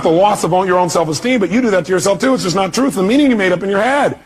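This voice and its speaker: A man's voice: sits high, racing, few pauses, fairly bright tone, husky. A middle-aged man giving an emphatic seminar talk and firing rhetorical questions at his audience. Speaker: motivational speaker.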